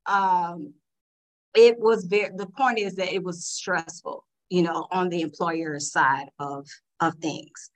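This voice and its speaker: A woman on a podcast panel, telling animated stories and acting out customers' lines. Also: on the low side, takes it slowly, poor audio. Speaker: panel guest. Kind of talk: casual podcast discussion.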